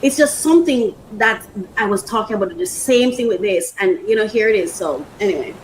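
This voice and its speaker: A woman's voice: medium pitch, expressive, fairly quick, a little hiss or hum, poor audio. A woman hosting a casual unboxing vlog, rambling, emotional and repeating herself. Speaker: podcast host.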